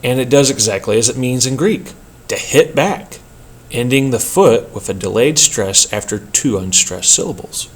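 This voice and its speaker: A man teaching a poetry workshop in a measured, explanatory lecture style, with an occasional slip. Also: mid-range voice, slightly rough. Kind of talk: scripted lecture narration.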